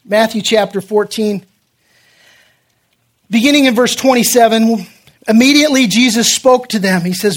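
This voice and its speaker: A middle-aged man preaching as a pastor, telling personal stories and acting out voices in a casual, lively way. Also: very high voice, moderate pace, pauses often. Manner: personal storytelling, dramatic quoted voices, casual asides. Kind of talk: sermon.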